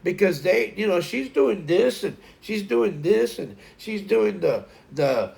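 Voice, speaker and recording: A man's voice: high voice, very animated, takes it slowly, creaky, a little mellow. A man hosting a casual morning livestream, chatting to viewers in a rambling way and often restarting his sentences. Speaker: livestream host.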